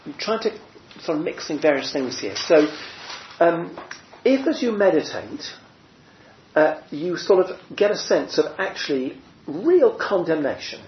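This preacher's fairly high voice is very animated yet measured in pace, with a little hiss or hum in the muffled, roomy audio. Chatting with a small group, he restarts often, uses plenty of fillers, and poses questions to his listeners.

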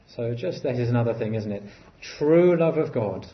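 A man delivers a sermon in an earnest voice of middle pitch. He lifts his voice for emphasis, then sinks to quiet, low phrases. The recording is a touch dull and muffled. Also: expressive, normal speed, hardly any pauses. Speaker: preacher.

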